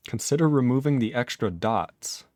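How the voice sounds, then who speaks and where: A man's voice: medium pitch, animated, normal speed, a little mellow, no room sound, studio quality. A man live-streaming his programming work, thinking aloud in casual talk, chuckling often and chatting with his viewers.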